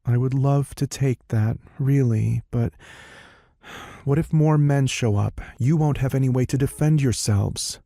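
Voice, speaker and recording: A man voicing a calm, capable petite young woman in an audiobook, matter-of-fact and steady. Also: mid-range voice, measured pace, vocal fry, dry recording, clean studio sound, voice pushed up.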